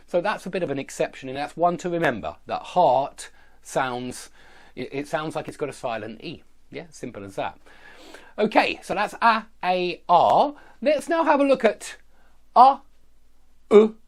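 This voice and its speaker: Male pronunciation teacher, Southern English accent; slow, exaggerated word drills with a very lively melody. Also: a little high. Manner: frequent checking tags like "yeah?" and "okay?". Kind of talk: online pronunciation lesson.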